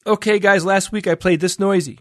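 A man's voice: high-pitched, steady tone, a little fast, a little hiss or hum. A man hosting a podcast segment in casual panel chat, playful and laughing often.

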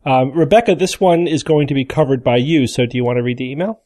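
A man's voice: mid-range voice, fast, a little mellow, no room sound. A man co-hosting a podcast in casual chat, joking and playful. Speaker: podcast co-host.

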